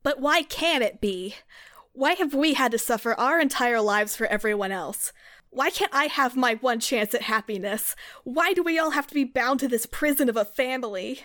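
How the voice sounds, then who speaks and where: A woman's voice: mid-range voice, a little slow, hardly any pauses, a bit bright, dry recording, studio quality, close to an everyday voice. A woman voicing a resentful young woman who angrily accuses her family during a tabletop role-play. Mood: bitter. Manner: pleading, accusatory.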